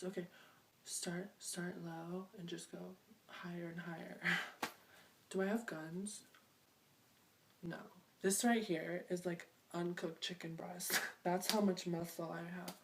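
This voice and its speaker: A woman's voice: fairly low pitch, flat delivery, a little slow. A young woman vlogging to camera in a playful, rambling, self-mocking way. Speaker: beauty and fashion vlogger. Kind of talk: casual chat to camera. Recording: distant mic with faint noise.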